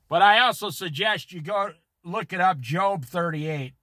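A man's voice: high-pitched, measured pace, few pauses, sharp tone, no echo. A man leading an informal Bible study, preaching emphatically and talking straight to his listeners.

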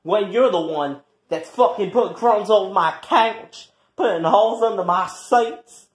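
A performer in an improvised comic quarrel, trash-talking and taunting with heavy swearing and swinging between loud jeers and low mutters. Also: measured pace, roomy sound. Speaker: comedy skit performer.

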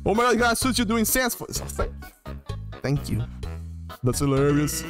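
A man streaming a video game live, chatting excitably to his viewers with lots of laughs and stumbling restarts. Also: high-pitched, measured pace, pauses often. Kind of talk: livestream gaming commentary. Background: game music.

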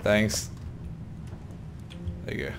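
A man hosting a gaming video, chatting casually and excitably with friends while playing. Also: very slow, over music. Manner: excitable, shouts when startled.

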